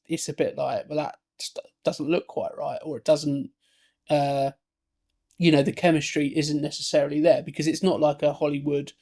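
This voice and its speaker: A man co-hosting a film podcast, rambling along in relaxed chat. His voice sits a touch high and has a gravelly, fry-heavy edge. He keeps circling back with fillers and restarts. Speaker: podcast co-host. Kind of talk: casual film discussion.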